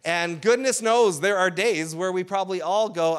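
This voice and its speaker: A man's voice: high voice, normal speed, clear, resonant tone. A man giving a sermon as pastor, talking in a conversational way with frequent "right?" asides.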